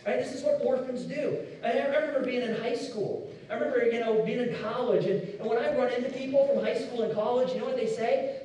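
A middle-aged man from Indiana, preaching a sermon with animated storytelling and repeated words. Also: very high-pitched, fairly quick, hardly any pauses. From Indiana, USA. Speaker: pastor. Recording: echoey hall, distant mic.

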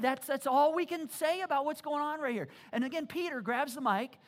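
This pastor's sermon is animated, joking and loosely conversational, delivered in a high voice at a slightly fast pace. Repetitions and restarts abound as he shifts from loud excitement to quiet earnestness.

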